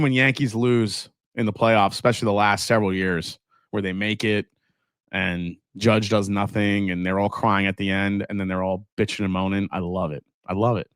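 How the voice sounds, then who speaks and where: A man's voice: fairly low pitch, fairly bright tone, no echo, studio quality. A man hosting a casual live stream, chatting loosely and laughing as he reads viewer comments aloud. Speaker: whiskey livestream host.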